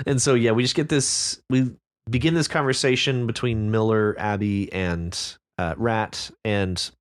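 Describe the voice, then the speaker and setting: A man co-hosting a casual podcast about writing, chatting and reading story passages aloud with frequent laughs. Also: a little slow. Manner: relaxed, laughs often, reads passages in a low steady voice. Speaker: podcast co-host. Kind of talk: casual book-discussion chat, reading excerpts aloud.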